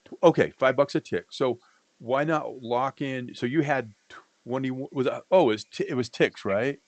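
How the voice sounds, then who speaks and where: This clip is a dry recording of a man co-hosting a livestream, talking trading in a loose, joking way. His voice sits in the mid range and moves at a moderate pace, wandering off track and interrupting itself.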